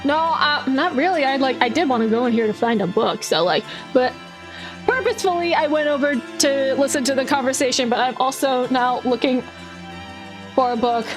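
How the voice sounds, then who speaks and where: A woman's voice: high voice, over music, rough recording. A woman playing a tabletop role-play game, talking casually with many "like"s about her character. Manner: chatty, lots of "like", quick and bubbly. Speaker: player.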